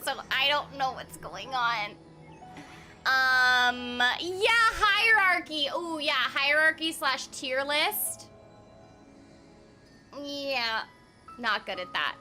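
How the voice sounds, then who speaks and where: A bubbly young woman chats to her stream viewers in a high, bright voice. Her pitch leaps around, yet she talks at an unhurried pace. She rambles and giggles between thoughts. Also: lively intonation, faint music behind. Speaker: streamer and voice actor. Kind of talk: casual game stream chat.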